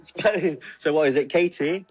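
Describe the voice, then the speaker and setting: A man's voice: fairly high pitch, moderate pace, slightly rough, no echo. A man answering interview questions casually, hesitant and full of fillers.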